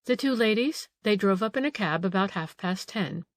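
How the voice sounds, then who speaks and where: A woman's voice: medium pitch, animated, moderate pace, no room sound, studio quality, close to an everyday voice. A woman voicing a frightened middle-aged female housekeeper in an audiobook, anxious and eager to please. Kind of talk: audiobook character reading.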